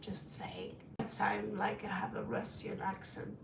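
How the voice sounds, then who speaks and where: Talking a little slowly in a mid-range, flat voice with vocal fry, this middle-aged woman reads tarot on a casual stream, rambling frankly and calling viewers sweetie. Heavy background noise and roomy echo fill the recording, and she's far from the mic.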